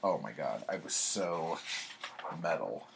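Man, deep voice, husky, unhurried, casual self-mocking reading. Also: animated, noisy background. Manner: wry, self-mocking, laughs at his own writing. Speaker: author reading his childhood writing.

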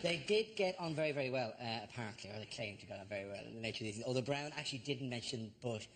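A male host of a comedy panel show, bantering with quick jokes and leading into the next question. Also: medium pitch, animated. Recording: noisy studio recording.

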